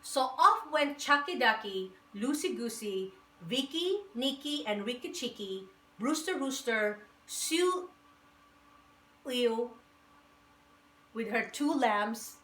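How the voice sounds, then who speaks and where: A woman reading a children's picture book aloud with lively, rhythmic, sing-song storytelling. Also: a little high, slow pace, a little hiss or hum. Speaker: storybook reader. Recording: echoey room.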